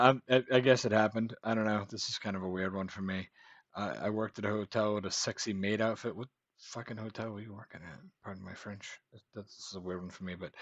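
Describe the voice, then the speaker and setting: American male reactor, lower voice, snarky, dry lo-fi mic. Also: a bit bright, no echo. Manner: sarcastic, profane asides. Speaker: reaction video host. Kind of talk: casual reaction commentary.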